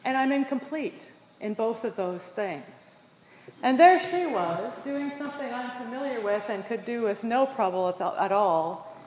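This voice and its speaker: A woman delivering a sermon, telling a personal story with animated voices for the people in it. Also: on the high side, normal speed, a little hiss or hum. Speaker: preacher. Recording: echoey hall with long reverb.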